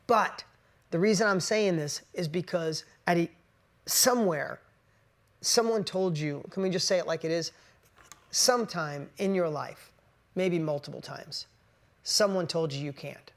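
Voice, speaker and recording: Pitched on the high side with a creaky texture, this male motivational coach addresses a live online crowd. His delivery is forceful and repetitive, and he keeps breaking off to restart what he's saying.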